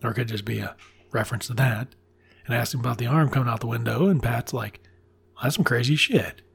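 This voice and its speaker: A man with a gravelly, deeply husky voice recaps a classic tale in a loose, offhand way. He is sardonic and irreverent, dropping swear words freely. His pitch sits in an ordinary middle range. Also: fairly even intonation, fast talker. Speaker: storyteller. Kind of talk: casual profane retelling of a classic story.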